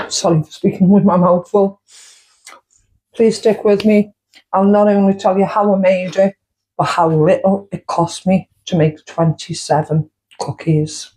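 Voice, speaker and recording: A woman's voice: medium pitch, fairly even intonation, normal speed, dark tone, rough recording. A woman with a chatty manner, hosting a casual home baking vlog and walking through her costs step by step. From United Kingdom. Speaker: baking vlogger.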